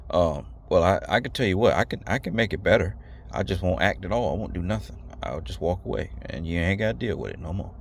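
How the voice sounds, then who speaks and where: A man's voice: deep voice, expressive, quick pace, gravelly, slight background noise. A man giving a blunt, rambling casual talk to his viewers, slangy and repeating himself. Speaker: video host. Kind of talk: casual direct-to-camera talk.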